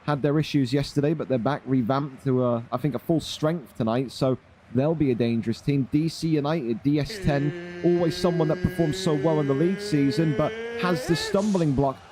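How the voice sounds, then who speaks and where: A man's voice: on the high side, normal speed, noisy background. A young man chatting casually on a live stream, running a gaming league. He is blunt and swears freely.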